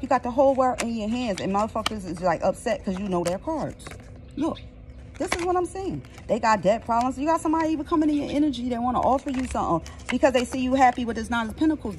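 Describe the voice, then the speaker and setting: A woman's voice: on the high side, a little hiss or hum. A woman giving a casual tarot reading outdoors, blunt, profane and emphatic. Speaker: tarot reader.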